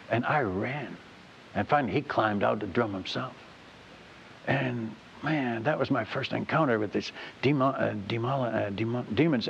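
An older man, a missionary, telling his mission-field story in a folksy, animated sermon, often calling the audience folks and friends. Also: medium pitch, vocal fry. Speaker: missionary speaker. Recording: dull, hissy old recording.

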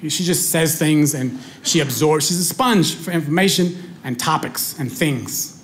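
A man doing stand-up comedy on stage, telling stories in a conversational, animated way. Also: fairly high pitch, a little slow, slight background noise. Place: comedy stage before a live audience.

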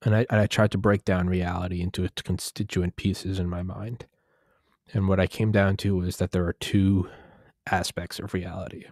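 A man's voice: low-pitched, level tone, normal speed, a little mellow, no room sound, clean studio sound. A young man talking in a casual, rambling monologue, profane and digressive, often restarting his sentences.

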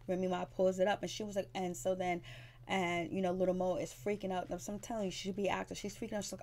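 A woman's voice: on the low side, little pitch movement, fast talker, darkish tone. A woman, casually recapping a reality show, blunt and gossipy, acting out the cast's lines in sassy voices.

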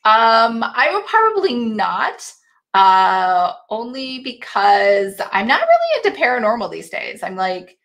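A woman's voice: fairly high pitch, huge pitch swings, measured pace, a bit bright. A woman hosting a casual live book club chat, laughing often and reading viewer comments aloud.

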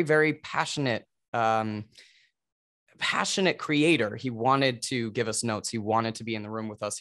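A man's voice: medium pitch, a bit bright, clear, resonant tone. Earnest man telling stories on a webchat. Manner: earnest, emotional storytelling. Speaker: Broadway actor, guest. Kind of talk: video call interview. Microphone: video call.

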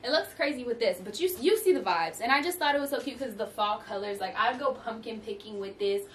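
This bubbly young vlogger speaks briskly in a high-leaning, expressive voice while trying on clothes and talking directly to her audience. There's a little hiss or hum, music runs beneath, and she's somewhat off-mic.

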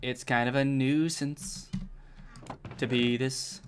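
With a medium-pitched voice and a slow, easy pace, a young gamer streams while a little hiss or hum sits under the audio and typing sounds behind him. He's playful and keyed up, bantering casually with his viewers and muttering jokes to himself.

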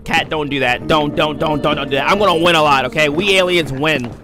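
A young man with a fairly high voice talks fairly quickly while livestreaming a game. His casual commentary is hyped, he greets viewers in chat by name, and his reactions are jumpy.

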